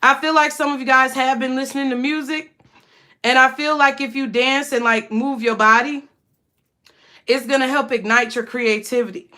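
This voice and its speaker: A woman with a high voice reads tarot cards in a casual, talkative way. She is emphatic and blunt, and she swears freely. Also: fairly even intonation, moderate pace, pushed and bright. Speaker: tarot reader.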